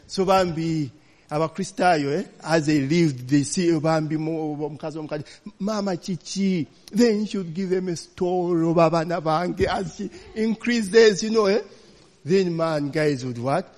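A man's voice: fairly high pitch, a little slow, a little mellow, long reverb tail. A man preaching a storytelling sermon, chatty and laughing, often tagging lines with "you know, eh?".

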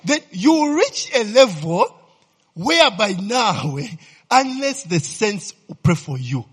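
Slow, lively preacher in a hall. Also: male voice, sits high, husky. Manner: checks in with listeners constantly, asks fill-in questions. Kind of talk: sermon. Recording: reverberant hall.

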